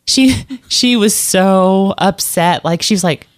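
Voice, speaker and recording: A middle-aged woman co-hosting a casual podcast chat, animated and giggly as she acts out what her kids said. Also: mid-range voice, slow pace, no room sound, clean studio sound. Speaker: podcast co-host.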